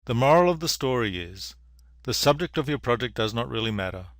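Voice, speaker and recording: A man, an engineering professor, giving a public award lecture in a measured, dry storytelling manner. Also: mid-range voice, expressive, fairly bright tone, no room sound. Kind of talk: public lecture with a told fable. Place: lecture venue.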